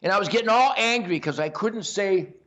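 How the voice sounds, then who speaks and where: A man's voice: high voice, fairly quick, a bit bright, lo-fi sound. An older man hosting a show, talking in a brash, boisterous rambling monologue. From Detroit area. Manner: boisterous, brash, self-promoting. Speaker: host. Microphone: earpiece.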